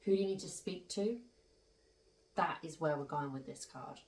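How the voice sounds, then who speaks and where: A woman's voice: low-pitched, normal speed, darkish tone. A woman giving a casual, rambling spiritual tarot reading, emphatic and chatty with frequent asides. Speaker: tarot reader. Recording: roomy sound, distant from the mic.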